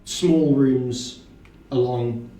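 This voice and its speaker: A man narrates a tabletop game as game master, describing scenes in a halting way. His voice is mellow and dark. The sound is roomy, with the mic some way off. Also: mid-range voice, recorded from a distance, a little hiss or hum.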